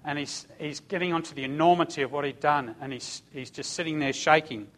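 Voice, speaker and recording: A man's voice: a little high, brisk, a bit bright. Fervent man preaching. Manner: emphatic storytelling with calls of amen and hallelujah. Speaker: church speaker giving testimony. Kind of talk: sermon testimony.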